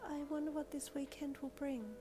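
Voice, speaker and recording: A woman voicing a sweet, shy young fairy girl in a high, soft, breathy voice. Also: normal speed, slight background noise, lightly acted. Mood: dreamy.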